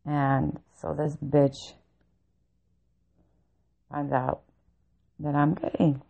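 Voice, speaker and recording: A woman's voice: deep voice, level tone, extremely slow, vocal fry, mellow. A woman vlogger telling a personal story in a blunt, heavily profane way, often breaking into laughter. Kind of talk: casual personal storytelling rant. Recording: dull lo-fi recording.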